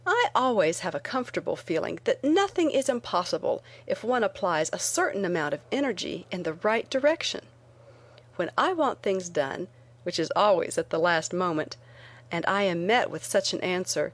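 A woman reading a first-person memoir aloud in a measured, earnest way. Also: on the low side. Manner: measured, earnest reading with lively quoted lines. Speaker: narrator. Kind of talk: audiobook narration of a memoir.

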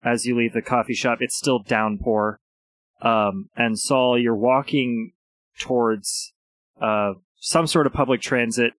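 A man's voice: mid-range voice, fairly even intonation, a little slow, a bit bright, low-quality recording. A man narrating as game master, describing scenes with occasional hesitant fillers. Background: background music.

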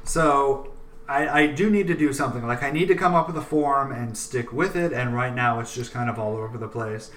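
A man's voice: medium pitch, normal speed, a bit bright. A man casually discussing his poem, thinking aloud and chanting meter as da-da. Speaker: poet discussing his draft. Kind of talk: casual conversation. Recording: echoey room, mic at a distance, faint ambient noise.

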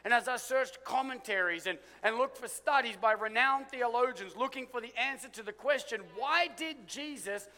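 A man with a high, bright, ringing voice preaches a sermon. He swings between forceful, emphatic lines and quiet, hushed ones. His voice carries a long reverb, as in a large hall. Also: moderate pace, few pauses. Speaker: pastor.

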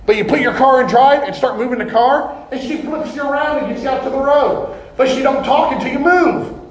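A man preaching a sermon in an animated, folksy way, often breaking into laughter. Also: very high voice, fairly quick. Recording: echoey room.

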